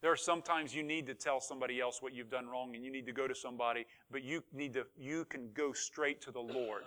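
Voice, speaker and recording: A man's voice: mid-range voice, fairly even intonation, fairly quick, sharp tone. A man pastor preaching a sermon with rising fervor, asking the congregation for responses.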